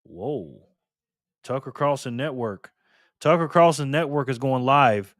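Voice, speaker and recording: A man hosting a casual livestream, calling out viewers and donations with upbeat shout-outs. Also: mid-range voice, animated, a little slow, no echo, clean studio sound. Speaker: livestream host.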